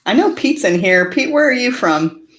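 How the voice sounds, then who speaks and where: A woman's voice: on the high side, big pitch swings, moderate pace, fairly bright tone. Woman, live-stream host, casual chat, laughs often, filler-heavy, from Southern California. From Orange County, California.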